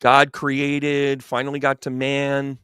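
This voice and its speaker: A man's voice: mid-range voice, completely flat delivery, takes it slowly, bright, forceful tone, smooth, no room sound, clean studio sound. A man, a spiritual medium, telling a comic, irreverent retelling with rambling restarts. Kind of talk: comic storytelling talk.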